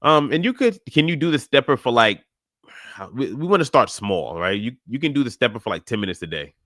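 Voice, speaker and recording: A man's voice: mid-range voice, sing-song, a little fast, fairly bright tone, no echo, clean studio sound. A young man hosting a live stream as a fitness coach, chatting casually and encouraging callers, laughing often. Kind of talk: casual livestream chat.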